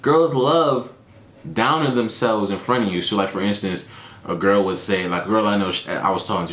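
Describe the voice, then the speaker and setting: A man hosting a reaction video, speaking in a relaxed, slangy, casual way and swearing freely. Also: lowish voice, a little fast, echoey room, slight background noise.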